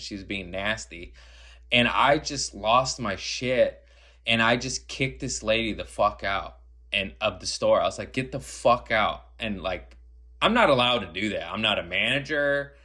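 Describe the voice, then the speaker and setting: Bright-voiced man telling profane stories. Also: lowish voice. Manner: profane, animated storytelling. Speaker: guest comedian. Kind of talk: casual podcast chat.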